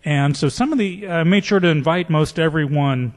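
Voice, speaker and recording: A man's voice: fairly high pitch, normal speed. A man talking about his filmmaking as a podcast guest, casual and wry, often self-deprecating, recorded in a basement room under a church. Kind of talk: casual chat. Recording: echoey room.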